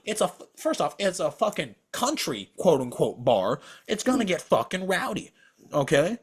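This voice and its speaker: A man's voice: on the high side, very animated, moderate pace, husky. A young man co-hosting a podcast over a video call, telling a story as a profane, exasperated rant. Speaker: podcast co-host.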